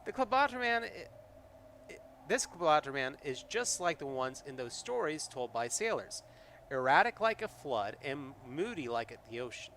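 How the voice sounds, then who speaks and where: A man's voice: on the high side, sing-song, moderate pace, pushed and bright, a little hiss or hum. Rambling man streaming a solo game. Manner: rambling, many fillers and restarts. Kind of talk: live solo tabletop game, narrating and chatting.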